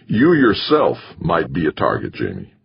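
A man voicing a grave, earnest middle-aged university president and bishop who speaks in a measured, consoling way. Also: a bass voice, wildly swooping pitch, gravelly, slightly rough, exaggerated voice. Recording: muffled lo-fi recording.

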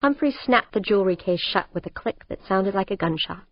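A woman narrating an audiobook in a measured, even storytelling manner, on a dull, dry recording. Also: medium pitch, no room sound. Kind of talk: scripted narration.

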